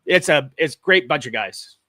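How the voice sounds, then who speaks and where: A fairly high, expressive voice, pushed and bright at a moderate pace, comes through a dry, studio-quality recording. It belongs to a Washington State, USA man, a paranormal investigator, casually interviewed over video call and telling his experiences in a plain-spoken, matter-of-fact way.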